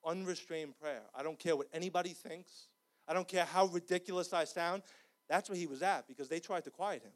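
Impassioned high-voiced preacher man. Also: fairly quick. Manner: impassioned, rising to shouts. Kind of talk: sermon. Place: church.

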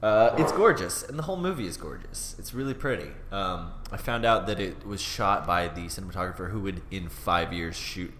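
A man's voice: low voice, lively intonation, a little fast, few pauses, fairly bright tone, echoey room, a little hiss or hum. A man co-hosting a podcast, recapping a film in an enthusiastic, rambling way. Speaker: podcast co-host. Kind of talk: casual film discussion.

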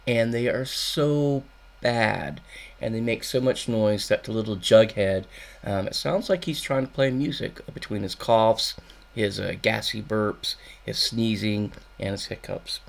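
A man's voice: medium pitch, measured pace, vocal fry. A man hosting a music radio show, casually rambling with dry jokes and many ums. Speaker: radio host.

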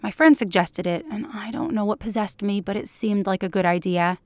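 A woman reading the part of a small, sensible woman agent in a fan fiction audiobook, brisk and a little defensive. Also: mid-range voice, dry recording, close to an everyday voice. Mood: guarded.

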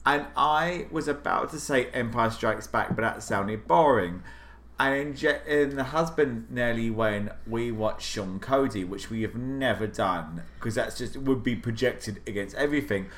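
A British man co-hosting a podcast, chatting casually and telling a story with lively acted quotes. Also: measured pace. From Britain. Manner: animated storytelling, jumps high on acted quotes. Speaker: podcast co-host. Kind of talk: casual chat.

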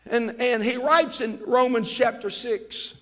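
A man preaching a fervent sermon as pastor, swinging between shouted peaks and quiet, low asides. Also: measured pace. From Ohio. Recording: reverberant church hall.

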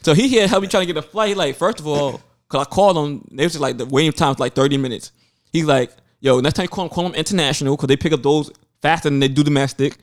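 A young man telling a travel story in casual podcast chat, profane and animated, acting out other people's voices. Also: fairly high pitch, quick pace. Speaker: podcast co-host.

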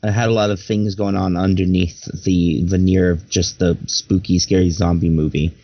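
Low-voiced man chatting casually. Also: flat delivery, normal speed, dry recording. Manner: rambling, laughs often, many fillers. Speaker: podcast host asking questions. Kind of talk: casual chat. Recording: dull lo-fi, dry sound.

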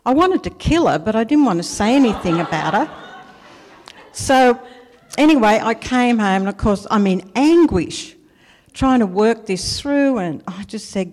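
A woman's voice: mid-range voice, animated, a little slow, a little mellow. Australian woman, testimony preacher, chatty anecdotal delivery, long hall reverb. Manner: chatty anecdotal storytelling, laughs at herself. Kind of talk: personal testimony sermon.

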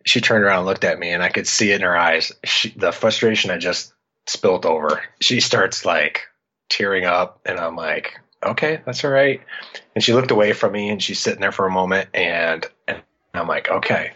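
Man, middle-aged, from Iowa, podcast guest, animated storyteller, bright forceful tone, dull lo-fi sound. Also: deep voice, normal speed. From Iowa, United States. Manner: animated, acts out his own past lines. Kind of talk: casual storytelling. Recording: dull lo-fi audio.

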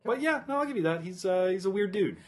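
A man co-hosting a podcast in casual chat, dry and quick with jokey asides. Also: sits high, lively intonation. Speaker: podcast co-host.

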